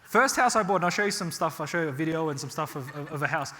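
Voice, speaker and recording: Animated man from Australia teaching. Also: fairly high pitch, quick pace, slight background noise. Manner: animated storytelling with frequent rhetorical "right?". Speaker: real estate workshop presenter. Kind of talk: live workshop talk to an audience. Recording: hall reverb.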